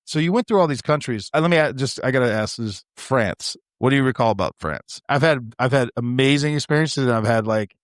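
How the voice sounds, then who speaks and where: A man's voice: medium pitch, a little fast, few pauses, no echo. A man hosting a podcast in casual, profane, joking banter. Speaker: podcast host. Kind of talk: casual chat. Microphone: remote call.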